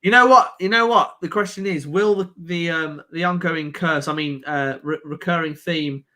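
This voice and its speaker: A man with a Birmingham accent, pitched a little high with a bright, forceful edge to his voice. He chats casually through a live football reaction stream and shouts at key moments. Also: normal speed. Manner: chatty, reacts loudly to the match. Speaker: stream host. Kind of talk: casual football watch-along chat.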